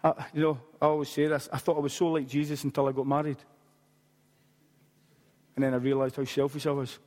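Pastor preaching in a reverberant hall. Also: male voice, medium pitch, a little fast. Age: late 40s. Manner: animated storytelling with humorous asides. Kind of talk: sermon.

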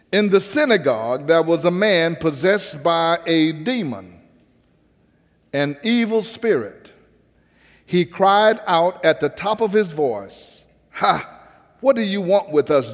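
A man preaching a sermon as pastor, with rising emphasis and pauses. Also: a little high, long reverb tail.

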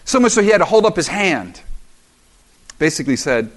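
High-voiced animated preacher man. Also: fairly quick. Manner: animated, acts out voices of the story. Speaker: pastor. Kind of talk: sermon. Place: church in South Florida.

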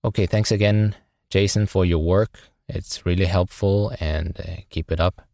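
A man's voice: low-pitched, steady tone, moderate pace, gravelly, darkish tone, dry recording. A man whose first language is not English, asking a question in a polite, hesitant way with many fillers. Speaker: caller. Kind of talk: recorded audio question. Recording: dry clean home recording.

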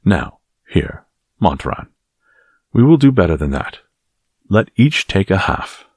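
A man's voice: deep voice, big pitch swings, breathy edge, no echo, studio quality, pitched above the performer's own voice, full character voice. Man playing a cool, courtly young musketeer. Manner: measured, coldly courteous.

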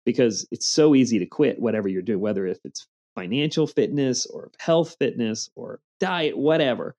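A man's voice: mid-range voice, normal speed, mellow. A man in his forties telling earnest stories in a casual interview, with a motivational tone. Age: 40s. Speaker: podcast guest.

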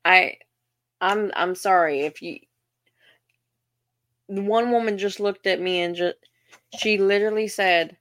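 A woman's voice: mid-range voice, a little slow, pauses often, a bit bright, no echo. Southern woman, young, podcast host; casual, self-mocking, stumbly delivery, dry close recording. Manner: chatty, self-deprecating, frequent restarts and ums. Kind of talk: casual storytelling monologue.

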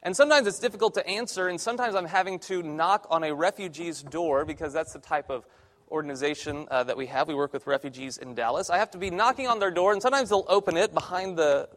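A man's voice: fairly high pitch, fast talker, fairly bright tone. A young man, a church intern, preaching a conversational sermon with self-deprecating humor in a church sanctuary. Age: young adult.

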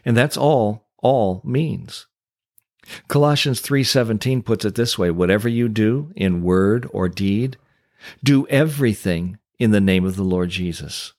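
Emphatic lower-voiced man preaching. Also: darkish tone, dry recording, clean studio sound. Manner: emphatic, rhetorical questions, preacherly. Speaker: podcast host and Christian coach. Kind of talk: scripted podcast teaching.

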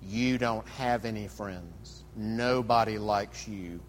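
A man reading aloud the lines of a sinister, obsessive male creature, slow and halting, as he argues with himself. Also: fairly low pitch, in a large hall, a little hiss or hum, pitched below the performer's own voice. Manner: slow, halting reading of a split internal dialogue.

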